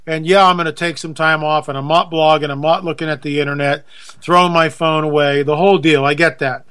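A man's voice: fairly high pitch, steady tone, brisk, a bit bright, clean tone. Folksy, chatty male radio host. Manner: chatty, self-deprecating, folksy. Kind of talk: casual radio talk.

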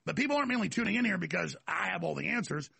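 A man's voice: high voice, animated, very fast, creaky, pushed and bright, breathy edge, dry recording. A man hosting a talk show, delivering a rambling, emphatic political monologue full of restarts and repeated words.

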